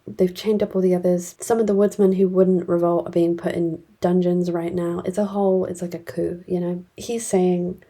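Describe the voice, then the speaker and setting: Husky-voiced woman recapping a book. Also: fairly low pitch, dark tone. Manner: rambling, many fillers and whispered asides. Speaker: book reviewer.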